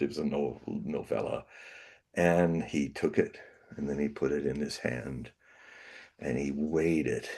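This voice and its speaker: A man, a guest on an interview show, telling a personal story with laughs, restarts and lively acted bits. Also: rumbling low.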